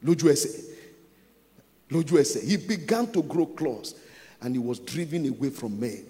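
A man's voice: mid-range voice, lively intonation, moderate pace, warm tone, in a large hall. A Nigerian man preaching a sermon as a pastor, repeating phrases for emphasis.

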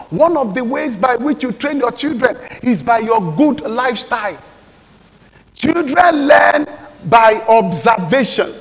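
A Nigerian pastor with a notably high-pitched male voice, delivering an emphatic sermon that swings between forceful exhortation and quiet pleading. His voice rings out with the long reverb of a big church hall.

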